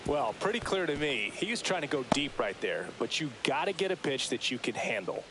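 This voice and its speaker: A man voicing a calm, measured color analyst in a baseball video game, with a smooth analytical delivery. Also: fairly high pitch, background noise. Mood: analyzing. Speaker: color commentator.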